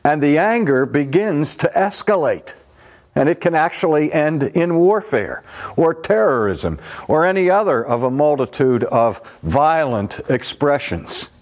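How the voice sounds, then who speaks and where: A man lecturing at an unhurried, measured pace. His pitch rises and falls with animated emphasis as he walks through a point step by step. He keeps stopping to ask his listeners questions. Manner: deliberate, asks rhetorical questions. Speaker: teacher. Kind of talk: teaching lecture.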